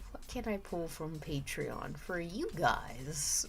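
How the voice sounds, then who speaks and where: A woman chatting through a live drawing stream at a slow, easy pace, with pitch that swings up and down. She giggles often and trails off, restarting her thoughts. Soft music plays faintly behind her. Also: sing-song, vocal fry. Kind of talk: casual livestream chat while drawing. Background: faint background music.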